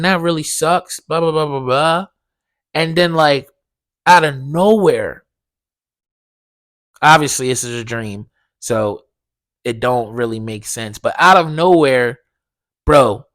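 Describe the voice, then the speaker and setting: A young man hosts his own podcast, telling stories with plenty of swearing and slang. His voice sits high for a man, and he talks at an unhurried pace. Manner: profane, animated storytelling with slang. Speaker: podcast host. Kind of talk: casual solo podcast monologue.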